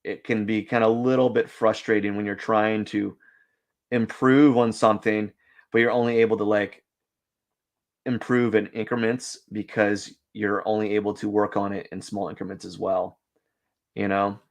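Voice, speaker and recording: On a drawing stream, a young man talks in a fairly low, even voice at a normal speed. His chatter is loose and self-mocking, full of filler words and restarted sentences.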